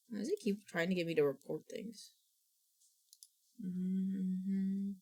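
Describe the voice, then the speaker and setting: A woman's voice: mid-range voice, slow, pauses often, mellow, breathy edge. A woman streamer chatting casually on a live stream, rambling and frustrated, sometimes slipping into goofy baby talk.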